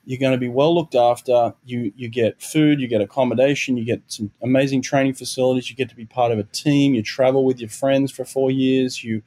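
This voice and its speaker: A man's voice: medium pitch, fairly even intonation, a little fast, few pauses, dark tone. A middle-aged Australian man, a former Olympic swimmer and coach, talking through his past in an earnest, reflective interview. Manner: earnest, reflective storytelling with repeated restarts. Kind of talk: conversational interview.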